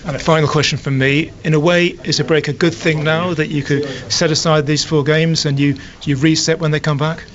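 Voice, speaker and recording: A man's voice: a little high, flat delivery, fairly quick, few pauses, a crowd in the background. A male radio reporter putting direct, conversational questions to a manager after a match, on a lo-fi broadcast. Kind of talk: post-match interviewing.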